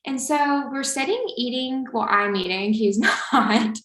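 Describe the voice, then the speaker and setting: A woman's voice: on the high side, measured pace, fairly bright tone. Rambling young woman in an echoey room. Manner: rambling, filler-heavy storytelling. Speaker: podcast co-host. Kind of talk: casual chat. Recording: roomy echo.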